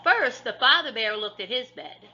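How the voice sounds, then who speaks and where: Bright animated lady reading a kids story, lots of pitch swings, muffled lo-fi audio. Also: moderate pace, slight background noise. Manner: expressive, sing-song storytelling. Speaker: librarian reading aloud. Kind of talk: storybook read-aloud. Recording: dull lo-fi recording.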